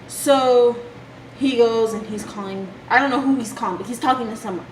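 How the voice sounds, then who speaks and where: A young woman telling a personal story from her childhood in a halting, emotional way. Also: on the high side. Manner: emotional, halting retelling with restarts. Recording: echoey room with background noise.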